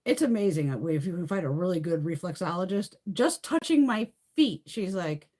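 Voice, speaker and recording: A middle-aged woman hosting a beauty livestream, telling stories in a loose, animated way, swearing freely and laughing often. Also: on the low side, normal speed. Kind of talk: casual chat.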